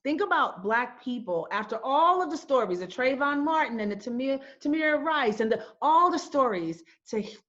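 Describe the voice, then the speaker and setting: A middle-aged woman, the founder and host, gives an impassioned talk to an audience, emphatic and full of rhetorical questions she often repeats. Her voice is fairly high and a bit bright, and the recording has a dull lo-fi sound.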